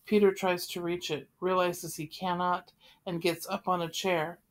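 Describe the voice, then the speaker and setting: A woman reading the stage directions of a play aloud in a plain, even delivery. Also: on the low side, measured pace. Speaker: reader.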